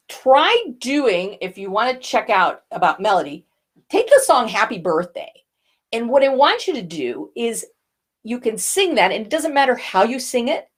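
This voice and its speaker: An older woman, a voice coach, teaching a lesson and demonstrating vocal effects as she explains. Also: a little high.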